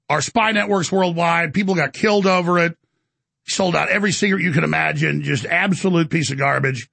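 Gravelly, raspy man hosting a talk show. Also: high-pitched, pushed and bright, no echo. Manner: emphatic, indignant. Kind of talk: political commentary.

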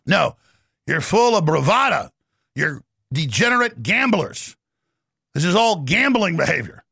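A man with a raised, rough, gravelly voice rants and shouts on a political talk show. He mocks people as he goes, and the sound is close and dry with no room echo. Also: on the high side, sing-song, unhurried. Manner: gravelly, shouting, mocking impressions. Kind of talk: ranting political commentary.

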